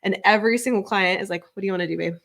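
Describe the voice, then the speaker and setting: A woman therapist hosting a podcast, explaining ideas in a lively way with examples. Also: mid-range voice, creaky. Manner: animated, explains with examples, quick laughs. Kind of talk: casual chat.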